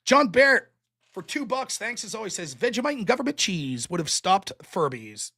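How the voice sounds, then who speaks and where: A man with a fairly high voice hosts a casual livestream. He reads viewers' paid messages aloud one after another. He answers each with a short thanks or a joke. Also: very animated, gravelly, pushed and bright, husky. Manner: reads donor messages aloud with quick reactions. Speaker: show host reading Super Chats.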